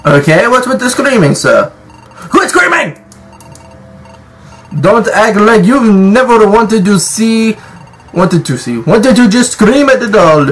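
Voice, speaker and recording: High-pitched man joking through a game. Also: lively intonation, a little slow, faint music behind. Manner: jokey, profane, scolds game characters. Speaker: gaming channel host. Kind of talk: let's play commentary.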